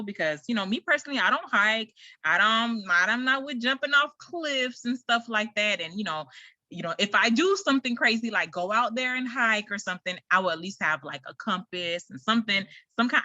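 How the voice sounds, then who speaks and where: A woman's voice: medium pitch, dry recording. A woman hosting her own podcast, talking casually and rambling through a story with lots of fillers. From United States. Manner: chatty, rambling, animated retelling with frequent fillers. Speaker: podcast host. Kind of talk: casual solo podcast chat.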